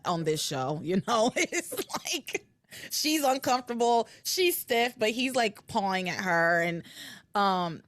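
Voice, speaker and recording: A woman hosting a podcast, recapping episodes in casual chat with animated storytelling and frequent laughter. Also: mid-range voice, no room sound. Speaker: podcast host.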